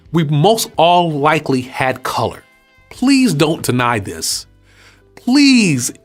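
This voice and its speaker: A man from Texas talking casually to his audience as host, preaching in a lively, conversational way and asking them questions. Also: fairly high pitch. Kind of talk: casual spoken teaching.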